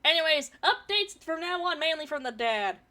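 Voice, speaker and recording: A woman's voice: high-pitched, lively intonation, moderate pace, sharp tone. A woman streamer reading a forum story aloud and chatting about it, swearing casually, her throat a bit irritated from pollen.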